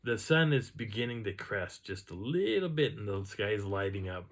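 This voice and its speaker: A man casually recounting an outdoor encounter in a rambling, animated way, now and then imitating the sounds he heard. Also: fairly low pitch, moderate pace. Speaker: outdoor storyteller. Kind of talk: casual first-person storytelling.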